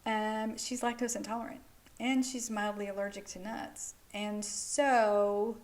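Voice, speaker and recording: A woman's voice: mid-range voice, little pitch movement, a little slow. A woman in a casual vlog, explaining mental health ideas through a story. She is frank, swears freely and keeps checking in with "okay?" and "like".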